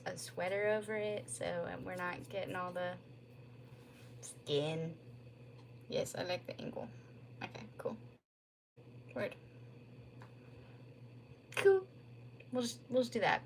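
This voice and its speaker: A woman's voice: mid-range voice, slight background noise. A young woman chatting casually on a livestream from home into a phone, rambling and filling her talk with "like". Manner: rambling, lots of "like" fillers. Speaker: streamer.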